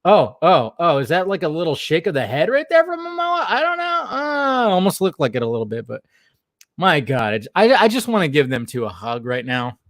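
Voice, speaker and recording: A man hosting an online show, giving casual running commentary on footage in an excitable, exclamatory way, with the odd curse thrown in. His voice sits a little high and swings widely in pitch. It sounds dry and close, with almost no room echo. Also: fairly quick. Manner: animated, exclamatory, swears freely.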